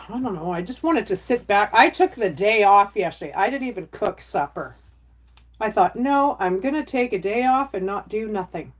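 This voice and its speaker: A middle-aged woman talking casually to her livestream viewers. She rambles from one thing to the next in a chatty, everyday way and stops now and then to answer comments, heard through a phone or webcam mic. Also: medium pitch.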